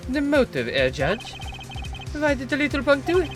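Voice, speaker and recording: A showy rock-star prosecutor, as a woman puts him on, teasing and flashy, dropping German words into a very lively, sing-song delivery. He struts through a courtroom video game. Game music plays behind. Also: high-pitched, moderate pace, pitched above the performer's own voice. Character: smooth flamboyant rock-star male prosecutor. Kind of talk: reading a game script aloud.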